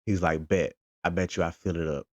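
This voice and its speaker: Father, very low voice, dry slightly muffled sound, lively storyteller. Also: fairly quick, dry recording. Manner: animated, retells conversations in quotes. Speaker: father and football fan. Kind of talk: casual storytelling vlog.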